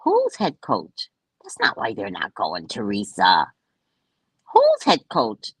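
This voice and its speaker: A woman's voice: rumbling low, wildly swooping pitch, slow, breathy edge, dry recording, poor audio. A woman chatting casually with viewers on a home live stream, reading their comments aloud and answering them. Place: at home by the kitchen table.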